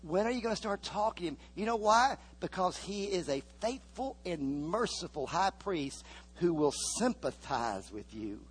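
A man's voice: high-pitched, animated, normal speed, husky. A male preacher delivering a sermon, repeating phrases and pushing the congregation for amens.

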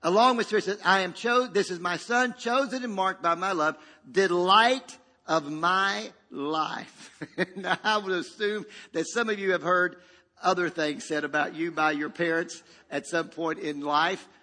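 Male pastor, high voice, bright and forceful, emphatic sermon, call-and-response, long hall reverb. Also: fairly even intonation, moderate pace.

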